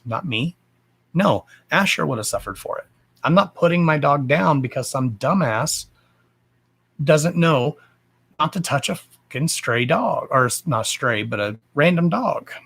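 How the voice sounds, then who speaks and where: A man's voice: fairly high pitch, a bit bright, husky. A man hosting a casual livestream from home, talking bluntly and swearing freely in a fired-up, emphatic rant. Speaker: livestream host.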